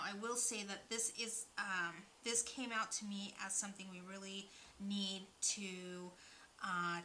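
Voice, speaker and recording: A woman's voice: mid-range voice, pushed and bright, a little hiss or hum, low-quality recording. A woman giving a spiritual nutrition card reading, rambling with many fillers and restarts. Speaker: oracle card reader.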